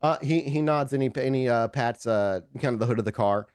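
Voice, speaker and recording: A man narrating as game master in a tabletop game, halting with frequent restarts. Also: mid-range voice, a little mellow, clear, resonant tone, no room sound, clean studio sound. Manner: halting, many restarts and fillers.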